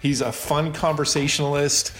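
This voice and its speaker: A man's voice: a little high, level tone, moderate pace, fairly bright tone, soft background music. A middle-aged man hosting a casual podcast interview, upbeat and chatty, teasing his guest. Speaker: podcast host. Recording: roomy echo.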